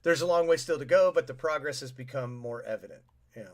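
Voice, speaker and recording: A man's voice: medium pitch, fast. A man co-hosting a podcast in casual chat, wry and sarcastic about government. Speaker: podcast co-host.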